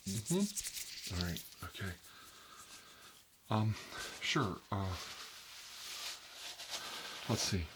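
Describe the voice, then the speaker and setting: A man playing a nervous male doctor in a soft-spoken ASMR role-play, rambling and filling his talk with "like" and "you know.". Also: lowish voice, very animated, extremely slow, long pauses, very noisy, full character voice. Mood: uneasy. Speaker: doctor examining a patient.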